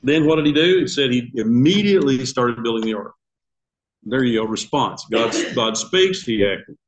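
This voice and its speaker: A man's voice: medium pitch, expressive, normal speed, a little hiss or hum, low-quality recording. An older man teaching a Sunday school class in a church classroom. He talks in a conversational way, asks the class questions and chuckles at his own asides.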